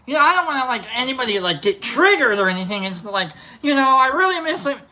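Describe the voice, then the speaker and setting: A man's voice: very high-pitched, lively intonation, fast, sharp tone. A man hosting a livestream, rambling and joking through a casual sign-off, swearing now and then. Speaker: livestream host.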